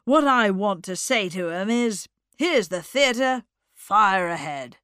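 A woman reading aloud plays an enthusiastic man holding forth in an emphatic, declamatory way. The delivery is slow and broad, with lively rises and falls. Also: mid-range voice, clear, resonant tone, no echo, clean studio sound. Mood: declaiming. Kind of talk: audiobook character voice.

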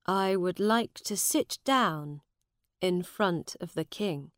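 A kind, patient soldier with a gentle, plain way of speaking, as a woman reads him. He talks very slowly, with a lively lilt, in a storybook reading. The sound is dry and close. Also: fairly low pitch, smooth, no echo.

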